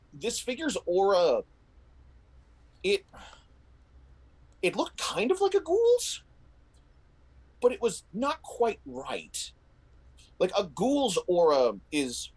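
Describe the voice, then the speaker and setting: This man's voice is on the high side and slightly rough, captured in poor audio. Acting as game master for a tabletop role-playing game, he narrates the scene vividly, animated and descriptive, with many restarts.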